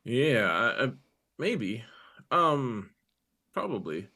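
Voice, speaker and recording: A young man co-hosting a podcast, rambling in casual chat and recounting scenes with quick quoted lines. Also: mid-range voice, big pitch swings, sharp tone. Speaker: podcast co-host.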